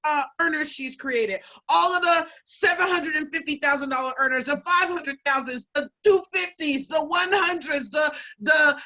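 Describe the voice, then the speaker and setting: A woman's voice: high-pitched, normal speed, hardly any pauses, low-quality recording. A woman giving a heartfelt personal testimony at an online event, telling her story with strong feeling before she introduces the host. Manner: heartfelt, builds up to excited retelling then hushed.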